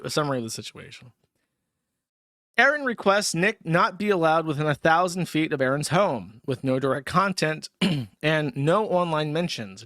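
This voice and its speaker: A man with a slightly higher voice riffs through crude, sardonic livestream commentary, a little tipsy and rambling. The sound is close and dry, with no room around it. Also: fairly bright tone, no echo. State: tipsy from drinking. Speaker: streamer host.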